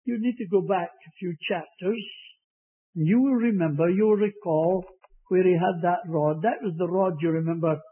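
A man's voice: high voice, moderate pace, breathy edge. A man preaching a sermon, telling stories and rising into emphatic declarations. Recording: tinny lo-fi old tape recording.

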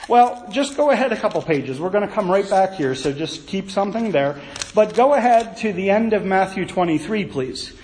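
High-voiced preacher in an echoey hall. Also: male voice, moderate pace, a little hiss or hum. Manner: folksy, animated storytelling with asides. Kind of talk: sermon.

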